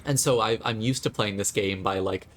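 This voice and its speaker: A man's voice: lowish voice, moderate pace, a bit bright, a little hiss or hum. A man streaming a video game and chatting to viewers with sarcastic, jokey asides. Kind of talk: live gameplay commentary.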